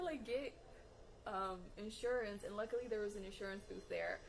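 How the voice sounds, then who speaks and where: A woman vlogger telling a story to camera in a chatty, animated way, laughing often and leaning on "like" and "you know.". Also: medium pitch, normal speed, a little hiss or hum. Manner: heavy use of "like" and "you know" as fillers. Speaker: vlogger on manifesting.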